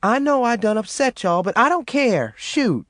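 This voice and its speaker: A man doing a high, exasperated young mother, snappish, very dry close sound. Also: sing-song, moderate pace, a bit bright, dry recording, exaggerated voice. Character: fed-up young Southern mother, sharp-tongued.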